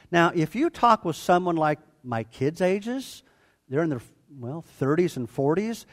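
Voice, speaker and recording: A man in his sixties preaching a sermon to a congregation, animated and joking with them as he teaches. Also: a little high, takes it slowly, vocal fry. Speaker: pastor. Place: church before a live congregation.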